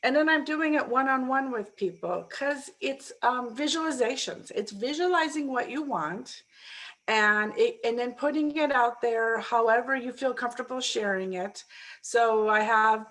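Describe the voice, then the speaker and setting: A middle-aged woman, a mindset coach, telling a story in a casual interview and acting out the people she quotes. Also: on the high side. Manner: animated, acts out quoted voices with laughter.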